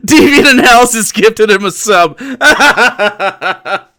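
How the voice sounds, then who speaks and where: A man's voice: high voice, expressive, takes it slowly, bright, forceful tone. A man streaming live, taunting a chatter with profanity and frequent laughter.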